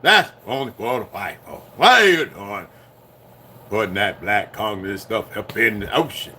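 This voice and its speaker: Man doing a sneering old cartoon grouch, lowered mocking drawl. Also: lively intonation, measured pace, bright, forceful tone, slight background noise, heavily acted. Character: grumpy old cartoon man, bitter and scornful.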